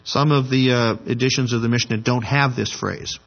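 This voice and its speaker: Husky-voiced man teaching scripture. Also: medium pitch, steady tone, highs cut off. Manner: measured, scholarly delivery with off-the-cuff asides. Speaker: Bible teacher. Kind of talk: reading a commentary aloud and adding asides.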